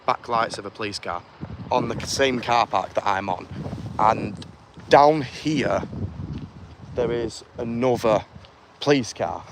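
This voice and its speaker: A man livestreaming from an outdoor car park at night on a handheld phone, chatting quietly and reading out chat comments. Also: medium pitch, takes it slowly, long pauses. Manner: chatty, quietly conspiratorial, reads comments aloud. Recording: clear outdoor urban noise.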